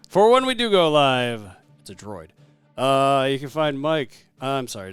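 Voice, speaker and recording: A man hosting a casual podcast, rambling and relaxed with lots of fillers. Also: medium pitch, normal speed, clean tone, dry recording, soft background music. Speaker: podcast host.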